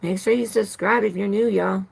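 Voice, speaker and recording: A woman's voice: mid-range voice, fairly even intonation, moderate pace, gravelly, a little mellow, husky. A woman doing a casual live tarot reading who talks loosely, swears freely and greets viewers by name. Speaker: tarot reader.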